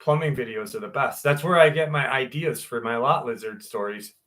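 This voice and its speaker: A man's voice: mid-range voice, normal speed, fairly bright tone. A man hosting a live stream, chatting loosely with viewers, swearing and laughing easily. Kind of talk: casual sign-off chat with viewers.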